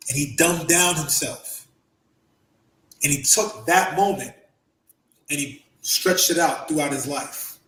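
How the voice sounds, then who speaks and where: A man telling a story on a podcast in an animated way, acting out the voices in quick bursts. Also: on the high side, roomy sound, poor audio. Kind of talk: casual storytelling.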